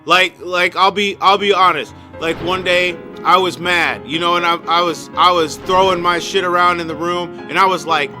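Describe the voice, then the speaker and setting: A man's voice: sits high, expressive, normal speed, sharp tone. A male streamer rambling animatedly and swearing freely in casual chat while he plays a game. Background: video game music.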